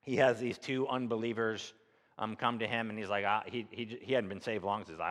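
A man's voice: lowish voice, steady tone, moderate pace, a bit bright, long reverb tail. A man preaching a conversational sermon from Missouri, asking the congregation rhetorical questions. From Missouri, USA. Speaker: pastor.

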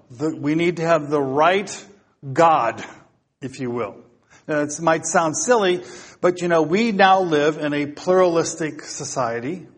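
A man preaching a topical sermon, talking casually to his congregation and then reading psalms aloud with rising emphasis. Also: on the high side.

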